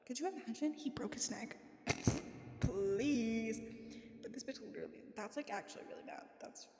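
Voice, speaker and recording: High-voiced woman rambling from bed. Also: quick pace, darkish tone, reverberant, in a large hall. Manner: rambling, sweary, often whispering. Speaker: podcast host. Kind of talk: casual rambling chat. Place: bedroom, lying in bed. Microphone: phone.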